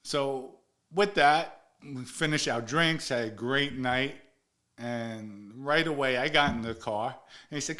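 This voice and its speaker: A man in his forties tells a story casually, in a voice of ordinary pitch. He swears freely and slips into the voices of the people he quotes. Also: takes it slowly, bright, forceful tone. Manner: profane, acts out quoted dialogue. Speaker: guest storyteller.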